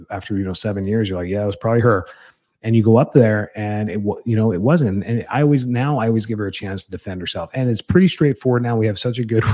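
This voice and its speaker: A man's voice: on the low side, dark tone, husky. A man in his thirties, a chiropractor hosting a show, giving casual parenting advice with fillers and restarts, acting out little parent and child lines. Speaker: chiropractor and podcast host.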